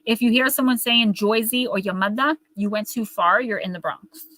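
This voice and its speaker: A woman's voice: fairly high pitch, moderate pace, pushed and bright, no echo. A woman with a Northern New Jersey accent, chatting and rambling to her viewers as she hosts a live oracle card reading.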